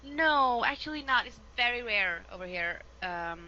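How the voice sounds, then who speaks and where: A woman from Sweden with a Swedish accent, English not her first language, chatting casually as an interview guest, lively and laughing often, with many fillers. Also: a little high, moderate pace, muffled recording. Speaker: voice actress guest.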